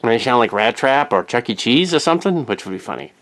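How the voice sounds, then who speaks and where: A man's voice: medium pitch, animated, fast talker, a bit bright. A man hosting his own show, rambling through a wry, self-interrupting casual rant to camera in a home studio. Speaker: show host.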